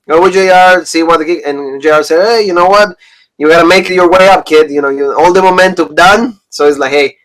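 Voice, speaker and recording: A man's voice: fairly high pitch, fairly bright tone, low-quality recording. A man in his thirties from Pennsylvania, co-hosting a casual review chat and rambling through retold stories. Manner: rambling, retelling stories with quoted lines. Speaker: podcast co-host.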